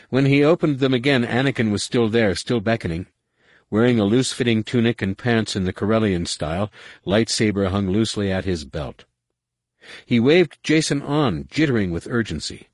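A man reading a dramatic novel aloud in a measured storytelling manner. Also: fairly low pitch, animated, no echo. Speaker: audiobook narrator. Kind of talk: scripted narration.

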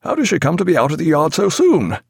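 A man's voice: on the high side, huge pitch swings, fast, creaky, husky, dry recording, voice pushed up, heavily acted. A worn-out naval captain, hurt but still in command, asks and orders in a raised, strained voice, as a male audiobook reader puts him on. The delivery is dry and close, with no room around it. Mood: resolute. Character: weary wounded naval captain, man, commanding.

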